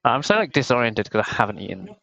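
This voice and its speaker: A young UK man on a headset mic commentates a game tournament alone, chatty and rambling as he mocks himself. His mid-range voice is sing-song, quick, pushed and bright, with some vocal fry.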